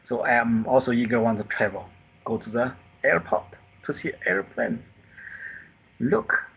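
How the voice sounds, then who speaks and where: Animated man teaching Mandarin tones. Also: mid-range voice, vocal fry, husky. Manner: animated, drawn-out sighs acting out the four tones; non-native English, simple teaching phrases. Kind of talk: live online group lesson. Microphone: computer mic on a video call.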